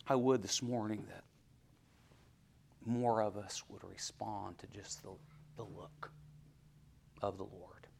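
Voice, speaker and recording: Male preacher, sermon delivery, hushed-to-fervent swings, questions the congregation. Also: fairly low pitch, fairly even intonation, measured pace, creaky, long pauses, slight background noise. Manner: swings from hushed near-whispers to loud, rising exhortation.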